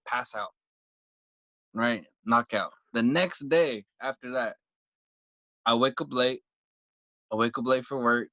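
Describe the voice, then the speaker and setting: A man's voice: medium pitch, a bit bright, no echo, lo-fi sound. A man from San Francisco, a podcast guest telling a story in casual talk, acting out his own lines and swearing freely.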